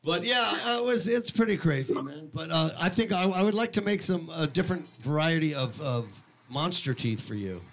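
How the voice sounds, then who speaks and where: Lively-voiced man joking on live radio. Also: on the high side, normal speed, few pauses. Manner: playful, joking, reads sponsor plugs. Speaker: co-host. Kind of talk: casual radio chat.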